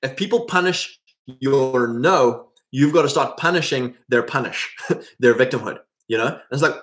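A middle-aged man giving a casual preaching talk to men, animated and acting out quoted voices as he goes. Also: medium pitch, moderate pace. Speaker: Christian men's teacher.

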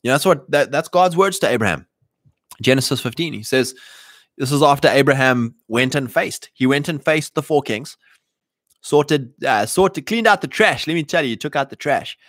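A man's voice: medium pitch, expressive, normal speed, fairly bright tone, no echo, clean studio sound. Emphatic, slangy man preaching to chat. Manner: emphatic, slangy, mimics imagined voices. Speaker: Christian livestream host. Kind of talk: casual preaching to a live chat.

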